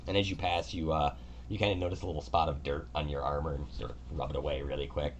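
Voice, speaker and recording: A man's voice: very deep voice, fairly even intonation, fast, a little hiss or hum. A man narrating as game master of a tabletop game in a casual, descriptive way.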